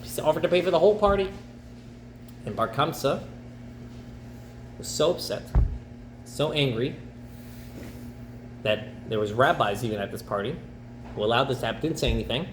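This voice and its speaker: A man, a rabbi, teaching a class and telling a story in a lively way, jumping into the characters' voices. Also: mid-range voice, reverberant, a little hiss or hum, low-quality recording. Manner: animated, acts out characters in quick bursts. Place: campus center classroom.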